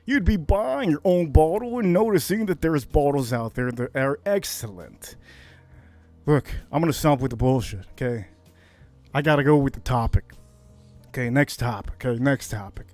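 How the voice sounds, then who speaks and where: A man from Miami hosting a casual whiskey livestream, brash and hyped, jumping to high shouts on catchphrases. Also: normal speed, faint music behind. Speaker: livestream host reviewing whiskey.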